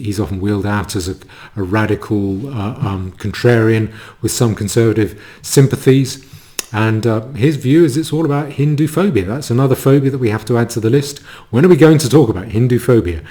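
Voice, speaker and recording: Sardonic low-voiced man. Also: dark tone. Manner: sardonic, mocking asides with halting restarts. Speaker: commentator. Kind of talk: monologue commentary.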